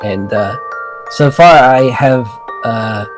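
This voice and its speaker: A man guesting on a let's play, hesitant and full of fillers. His voice is mid-pitched and casual. Light music plays behind. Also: slow pace, poor audio. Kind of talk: casual chat.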